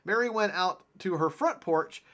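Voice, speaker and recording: Chatty man with a higher voice. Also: moderate pace, sharp tone. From Ohio. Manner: rambling, laughs often, many fillers. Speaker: podcast co-host. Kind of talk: casual chat, retelling monster sightings.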